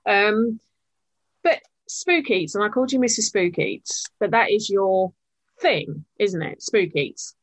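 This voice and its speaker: A woman's voice: mid-range voice, expressive, takes it slowly. An enthusiastic woman from the UK hosts a casual radio interview. She talks freely, gushes about what she loves and laughs easily. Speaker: radio show host.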